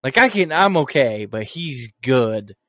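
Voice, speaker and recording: A man's voice: medium pitch, sing-song, measured pace, a bit bright, dry recording. A man co-hosting a podcast in casual, crude banter, cursing freely, rambling and laughing at his own stories. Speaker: podcast co-host.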